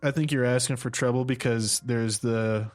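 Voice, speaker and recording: A man's voice: medium pitch, steady tone, moderate pace, faint music behind. Joking man co-hosting a chat show. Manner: joking, laughs often, riffs on ideas. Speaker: podcast co-host. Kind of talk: casual comedic chat.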